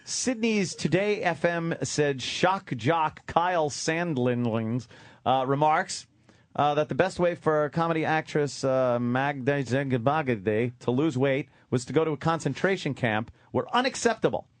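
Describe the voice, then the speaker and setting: A man co-hosting talk radio in loose, joking banter, his voice sitting a little high for a man. He drifts between riffs and reading news items aloud. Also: animated, a little slow, no echo. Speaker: radio show co-host.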